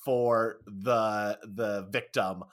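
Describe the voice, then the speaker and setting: A man's voice: fairly low pitch, very slow. A man co-hosting a podcast, rambling casually with lots of "like" and cheerful profanity. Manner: animated, profane, filler-heavy rambling. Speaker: podcast co-host. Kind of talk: casual podcast chat recapping a TV episode.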